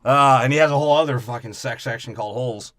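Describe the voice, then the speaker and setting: A man co-hosting a podcast, mocking a movie in crude casual chat and acting out characters in quick voices. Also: mid-range voice, fairly bright tone, no echo, clean studio sound. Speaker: podcast co-host. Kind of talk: casual comedic movie breakdown.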